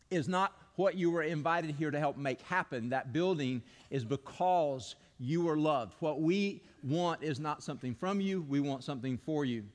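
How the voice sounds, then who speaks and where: Guy preaching, kinda high voice, earnest storytelling, long echo like a big church hall. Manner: earnest storytelling, leads the congregation in call-and-response. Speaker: pastor. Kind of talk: sermon. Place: church sanctuary.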